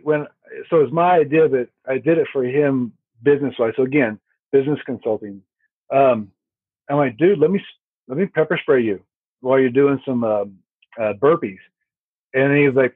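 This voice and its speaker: A man chatting as a podcast guest, telling rambling, profane stories full of fillers. His voice is husky and a little rough. He comes through a thin, tinny phone-like line with no room sound at all. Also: mid-range voice, moderate pace, no room sound. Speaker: podcast guest, firearms instructor. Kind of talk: casual chat.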